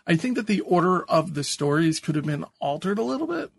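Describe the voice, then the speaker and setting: A man's voice: a little high, big pitch swings, fairly quick, creaky, a little hiss or hum. A man co-hosting a podcast in casual chat, hesitant, with many ums and laughs at himself. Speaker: podcast co-host.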